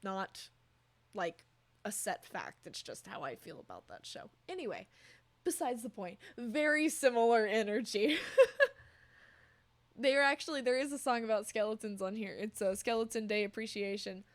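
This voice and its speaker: A woman's voice: a little high, expressive, moderate pace. A young woman streaming, chatting casually with her viewers and cooing over her cat. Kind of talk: casual chat with chat.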